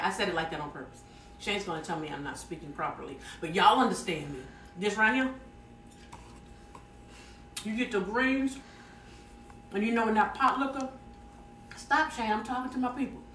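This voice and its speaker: A woman's voice: fairly high pitch, a bit bright, a little hiss or hum. Chatty Southern woman cooking live. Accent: Southern American. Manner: folksy, talks to viewers as y'all, reads comments aloud. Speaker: cooking show host. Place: home kitchen. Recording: roomy kitchen audio, mic set some distance away.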